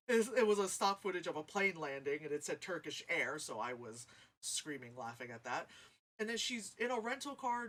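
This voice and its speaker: A woman ranting about a movie in a casual review, sarcastic and animated, swearing often. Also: fairly low pitch.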